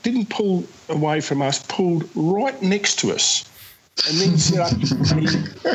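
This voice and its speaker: A man, a traveller and guest, telling road-trip stories in animated casual chat with exasperated asides. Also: fairly high pitch, poor audio.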